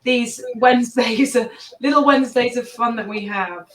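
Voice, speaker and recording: A woman hosting a live online show, gushing and effusive, her voice a little high. The sound is roomy and set back from the mic, with a faint hiss under it on a video call. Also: moderate pace, distant mic. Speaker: host. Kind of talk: live-stream chat.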